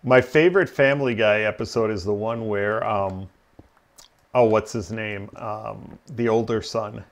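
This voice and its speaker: A man's voice: fairly low pitch, measured pace. A man hosting a game livestream, chatting casually and rambling with lots of ums and laughs. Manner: rambling, laughs at own stories, many ums. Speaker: livestream host. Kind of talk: casual gaming stream chat.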